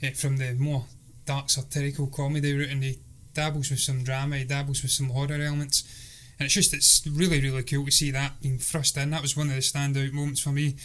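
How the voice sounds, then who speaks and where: A man's voice: medium pitch, level tone, brisk, fairly bright tone. A man co-hosting a film review podcast, talking eagerly and laughing often. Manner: enthusiastic, talkative, laughs often. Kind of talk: casual chat.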